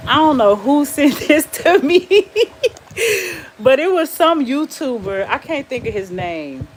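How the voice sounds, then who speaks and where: A woman on a casual live stream, speaking in a somewhat high voice. She is blunt and defiant, laughs often, and talks straight back to viewers' comments. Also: big pitch swings, slow, slight background noise.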